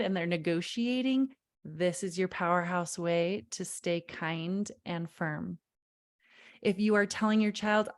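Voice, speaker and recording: A woman's voice: mid-range voice, slow pace. A woman parenting coach leading a live online workshop, speaking emphatically, repeating key phrases and talking straight to her audience.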